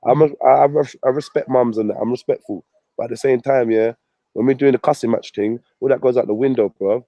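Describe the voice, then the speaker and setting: A man's voice: medium pitch, fairly even intonation, fast talker, no echo, lo-fi sound. A man ranting on his channel, mocking and swearing at a rival. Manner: profane, mocking, combative. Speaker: vlogger. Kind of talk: ranting commentary.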